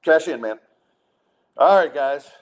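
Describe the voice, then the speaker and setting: A man's voice: fairly high pitch, lively intonation, takes it slowly. A man hosting a casual podcast, ranting in an exasperated way with frequent restarts. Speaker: podcast host. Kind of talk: casual chat and rant.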